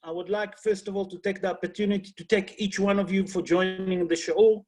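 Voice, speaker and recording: A man's voice: high-pitched, fairly even intonation, a little fast, darkish tone, soft background music. A man who is a rabbi teaching an online class over a video call. He talks earnestly, asks rhetorical questions and uses non-native English grammar.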